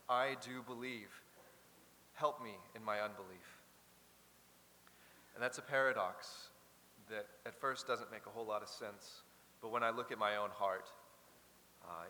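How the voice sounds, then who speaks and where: A man's voice: lowish voice, normal speed, sharp tone. A man leading a choir, giving an earnest, reflective spoken introduction in a chapel. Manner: earnest, reflective, with small restarts. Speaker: choir leader. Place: large chapel. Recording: hall reverb with faint hiss.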